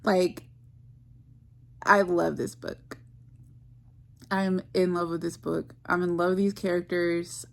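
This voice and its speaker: Slow, gravelly-voiced woman gushing about books. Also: on the low side. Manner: gushing, effusive, full of "like" fillers. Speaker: book vlogger. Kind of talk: casual reading vlog chat.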